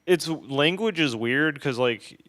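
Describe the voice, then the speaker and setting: Smooth-voiced man telling travel stories. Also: a little high, expressive, takes it slowly, a bit bright, no room sound, studio quality. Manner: profane, self-deprecating, puts on mocking voices in quotes. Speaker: podcast co-host. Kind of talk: casual chat, travel storytelling.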